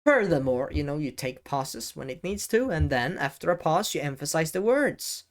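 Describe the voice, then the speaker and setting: A man giving talking-head advice as an educational video creator, speaking deliberately with frequent pauses, stressed key words and casual swearing, seated at a desk mic. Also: on the high side, very animated. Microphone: desk microphone, seated at camera.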